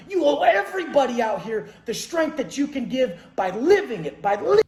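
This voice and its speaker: A man with a high voice, for a man, rants about discipline in a hard, preachy way, peppering every line with curses. The sound is roomy, with echo bouncing around him. He drives his points home like a drill sergeant addressing a crowd. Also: sing-song, a little fast, creaky, few pauses, darkish tone. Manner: aggressive, cursing, preachy. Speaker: motivational speaker. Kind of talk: profane motivational rant.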